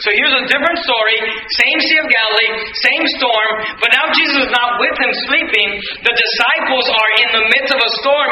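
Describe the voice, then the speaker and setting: A man delivers a sermon in a very high, sharp and bright voice. He reads scripture aloud and then breaks into animated asides. The sound is roomy and echoey, with faint noise behind him. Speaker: preacher.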